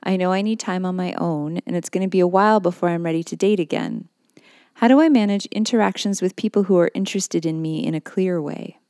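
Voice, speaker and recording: A woman's voice: fairly low pitch, fast, a little mellow, no echo. A middle-aged woman co-hosting a podcast in casual chat, with dry, teasing humor. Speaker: podcast co-host.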